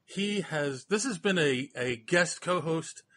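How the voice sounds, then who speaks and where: An older man hosting a podcast, who laughs often and talks in a halting, chatty way. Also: a little high, lively intonation, bright, forceful tone. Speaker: podcast host. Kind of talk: casual chat.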